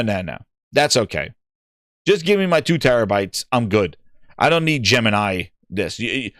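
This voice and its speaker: A man's voice: medium pitch, a bit bright, no room sound, clean studio sound. A man hosting a gaming podcast, talking in a rambling, casual way with lots of fillers and restarts. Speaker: podcast host.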